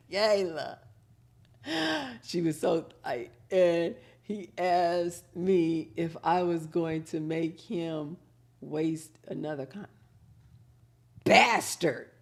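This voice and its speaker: A middle-aged woman hosting a casual live chat, reading viewer comments aloud and telling animated stories with drawn-out words. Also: low-pitched.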